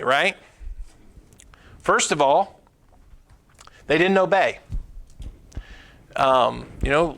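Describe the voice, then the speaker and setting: Church guy preaching a sermon, chatty, lots of "right?" and "you know", kinda gravelly. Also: fairly high pitch, fairly bright tone. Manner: conversational preaching with many fillers and tag questions. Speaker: pastor.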